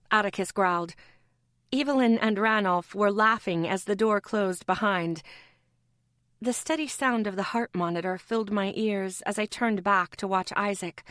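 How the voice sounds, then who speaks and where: A woman reads a first-person audiobook in a measured, steady way at a middle pitch. The recording is dry, with no room sound. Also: no echo. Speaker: audiobook narrator. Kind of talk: scripted first-person narration.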